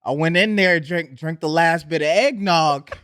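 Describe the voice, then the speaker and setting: A man co-hosting a podcast, chatting in a relaxed, laid-back way and giving advice with slang. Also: a little high, normal speed. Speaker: podcast co-host. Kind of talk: casual chat.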